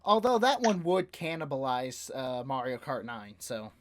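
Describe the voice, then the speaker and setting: A young man co-hosts a casual podcast about video games, rambling with fillers and laughing easily. His medium-pitched voice is very animated at a moderate pace.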